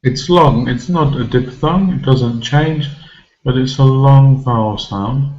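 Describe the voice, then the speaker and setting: A man teaching English pronunciation, talking slowly and deliberately at a mid pitch. He repeats key words to drive them home, and the recording sounds a little muffled. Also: a little mellow. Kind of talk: pronunciation lesson. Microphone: recorded for a video lesson.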